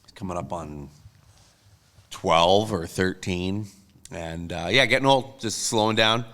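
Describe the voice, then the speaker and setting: A man chats loosely on a podcast, rambling through self-deprecating stories. His voice sits low but comes across bright and forward. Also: unhurried. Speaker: podcast co-host. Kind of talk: casual chat.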